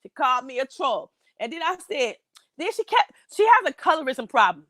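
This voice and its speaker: A woman, telling a story in animated, indignant casual chat. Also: high-pitched, a little fast, no echo. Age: 40s.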